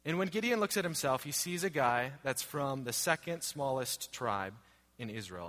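Recorded with a long hall reverb, a man in his thirties preaches a sermon as pastor. His voice sits at medium pitch with a slight brightness, and he is earnest and repetitive, asking rhetorical questions.

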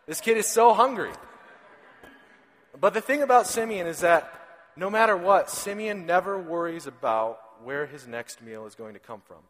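A man's voice: sits high, animated, moderate pace, fairly bright tone. A man in his thirties preaching a sermon in a conversational storytelling way, often repeating a word as he starts a sentence. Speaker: pastor. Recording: reverberant hall.

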